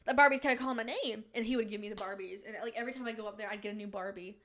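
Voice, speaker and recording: A woman's voice: mid-range voice, fairly even intonation, racing, hardly any pauses, a bit bright. A woman hosting a podcast in casual, rambling chat, giggly, with playful mock-indignant rants. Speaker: podcast host.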